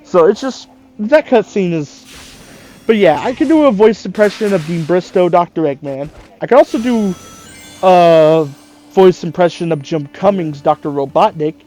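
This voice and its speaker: Chill let's play commentator, lively sing-song voice, laughs at own mistakes, swears a bit. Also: medium pitch, normal speed. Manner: loose, self-deprecating, swears casually. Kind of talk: casual gaming commentary.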